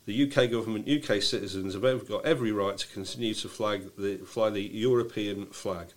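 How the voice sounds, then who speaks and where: A man's voice: fairly low pitch, a little fast. A man co-hosting a podcast in casual chat, reading out listener letters with wry quips. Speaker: podcast co-host.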